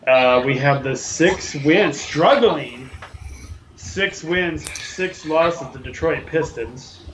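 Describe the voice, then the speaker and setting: Man, sports show co-host, rambling casual chat, lots of fillers, clear background noise. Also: on the high side, animated, slow, fairly bright tone, rough recording.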